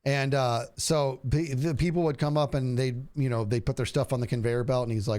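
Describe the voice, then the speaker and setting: A man in his forties telling stories in a relaxed casual chat, using "dude" and "bro" a lot. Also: mid-range voice, brisk. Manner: animated storyteller, says "dude" a lot. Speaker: streamer.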